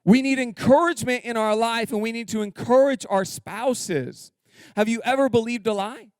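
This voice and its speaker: Man, pastor, lively humorous sermon, rallies the congregation, smooth resonant voice, dry close sound. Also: very high-pitched, normal speed, no room sound. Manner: energetic, humorous, calls for audience response. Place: church sanctuary.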